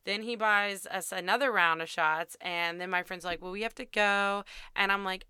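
A woman's voice: medium pitch, steady tone, normal speed, few pauses, sharp tone, clear, resonant tone, dry recording, studio quality. A young woman host telling a candid, self-deprecating dating story in a chatty way, swearing freely. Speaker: podcast host.

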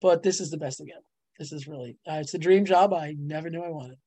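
Middle-aged woman, bubbly storyteller, dry close sound, animated guest. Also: low voice, quick pace, dry recording. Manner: bubbly storyteller, laughs often, voice jumps up on punchlines. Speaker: guest, ghostwriter and publisher. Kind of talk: animated casual interview talk.

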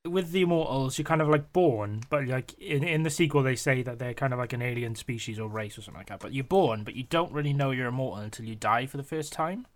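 A man's voice: mid-range voice, fast, hardly any pauses. A man hosting a casual podcast, laughing and swearing through the banter. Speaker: podcast host. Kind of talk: casual chat.

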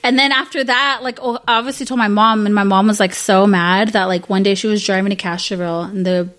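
A woman's voice: medium pitch, fairly even intonation, fast talker, a bit bright. Swearing woman telling a story. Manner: swears a lot, tells stories with lots of "like". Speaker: podcast co-host. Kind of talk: casual chat, storytelling.

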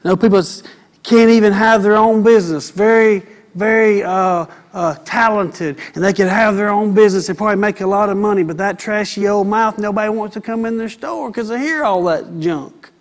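A preacher with a notably high voice delivers his sermon. He swings from quiet asides to loud, fiery exhortation. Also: normal speed. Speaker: pastor.

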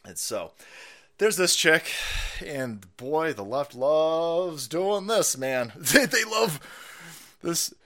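A man's voice: a little high, animated, slow, a bit bright. A man ranting sarcastically on a livestream, profane and laughing often. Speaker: political commentary streamer.

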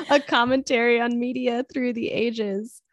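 A woman's voice: fairly high pitch, fairly even intonation, measured pace, no room sound. Chatty woman podcast co-host. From western United States. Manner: chatty, laughs often, many "like" fillers. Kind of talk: casual chat.

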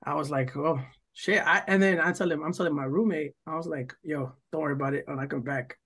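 A young man from New Jersey co-hosts a casual podcast and spins a long story in a meandering way. His voice sits a little high and has a husky grain. He swears often and plays out quoted lines with sudden jumps in his delivery. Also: fairly even intonation, quick pace, a bit bright. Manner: rambling, profane, full of "like" and "yo", acts out quoted lines. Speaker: podcast co-host.

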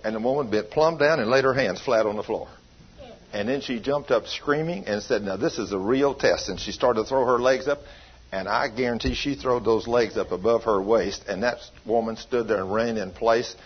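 A man's voice: medium pitch, normal speed, slightly rough. A man preaching in a church, telling a healing story in a folksy, emphatic way. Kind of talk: sermon storytelling. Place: church hall. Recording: dull lo-fi recording.

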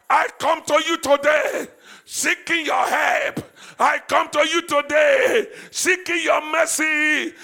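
Male pastor, shouted fervent prayer, gravelly and very high. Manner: shouted, fervent praying with repeated phrases. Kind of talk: sermon, leading congregational prayer. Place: church service.

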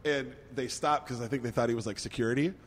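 A man in casual chat with a middle-pitched voice, starting hesitantly with lots of fillers before rushing into his story. A long, hall-like reverb trails behind his words. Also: steady tone. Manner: hesitant, lots of uh and um, then speeds up.

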